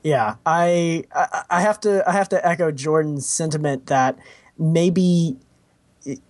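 Halting man on a film podcast. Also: on the high side, no room sound. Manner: halting, restarts phrases. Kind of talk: casual chat.

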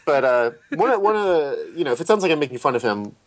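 A man's voice: a little high, very animated, fast. Thoughtful man talking through a film. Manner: thoughtful, many restarts and hedges. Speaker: film critic. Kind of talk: casual film discussion.

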